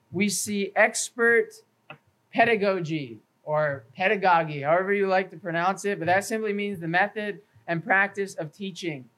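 A man's voice: high voice, a bit bright, rough recording. Earnest man preaching a sermon. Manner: earnest preaching through numbered points with scripture references; stumbles and repeats words now and then. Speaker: pastor. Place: church evening service.

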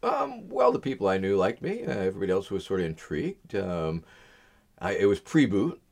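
A man's voice: low-pitched, huge pitch swings, brisk, gravelly, a little mellow. A middle-aged man, an interview guest, telling stories in a rambling way full of uh and um fillers. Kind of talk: casual storytelling in an interview.

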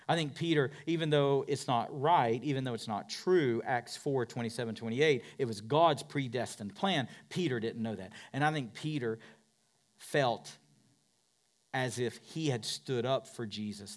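A pastor's sermon, delivered by a man with a mid-range voice and a slightly slow pace. He repeats phrases to stress them and swings from loud shouts down to soft whispers.

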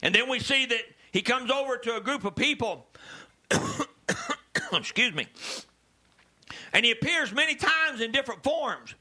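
A male preacher delivering a sermon, dropping to low murmurs and rising to shouted calls to the congregation. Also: expressive, unhurried, long pauses. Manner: swings from low murmurs to loud shouted exhortations.

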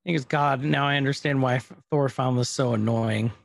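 A man's voice: medium pitch, steady tone, normal speed, gravelly, no echo. A man casually recapping a TV episode on a podcast, retelling scenes and quoting the characters as he goes. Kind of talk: casual chat.

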